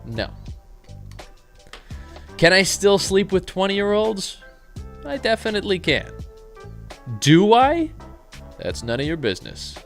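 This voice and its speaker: A man talks casually on a live trading stream, swinging his pitch up and down as he jokes with viewers. His banter is loose and irreverent, broken up by quick commentary on trades. Faint music plays softly behind him. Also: very animated, creaky.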